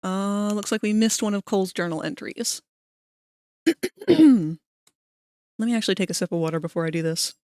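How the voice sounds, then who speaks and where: Live gaming streamer, casual talk, mid-pitched voice, technical nitpicks about bugs. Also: expressive, moderate pace, long pauses, darkish tone, smooth, no room sound, studio quality. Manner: casual, swears, picks apart game bugs in technical terms. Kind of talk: live game-stream commentary.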